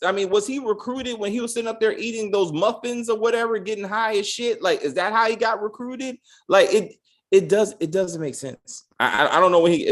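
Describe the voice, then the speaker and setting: Male recap host, slightly high voice, profane and rambling, lots of restarts. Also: a bit bright. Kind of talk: casual TV recap.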